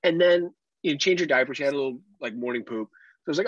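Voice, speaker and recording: A husky-voiced man in his thirties tells animated, profanity-laced stories about his toddler as a podcast co-host. The sound is dry and a little dull, like a lo-fi home podcast mic with no room around it. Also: medium pitch, fast, dry recording. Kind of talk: casual chat.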